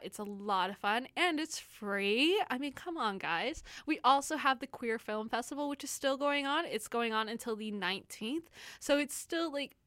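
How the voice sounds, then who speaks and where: A woman's voice: fairly high pitch, a bit bright, dry recording. A young woman hosting a casual radio chat show, rambling and giggling, often poking fun at herself. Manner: giggly, rambling, self-deprecating.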